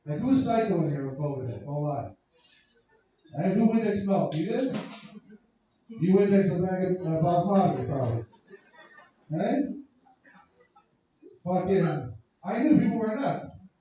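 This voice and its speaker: A high-voiced man from Canada does a crude, profane stand-up set and keeps riffing with the crowd. The recording is booming with echo and muffled. The mic hears him from far off in the comedy club. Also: animated, a little slow, long pauses, warm tone, slight background noise.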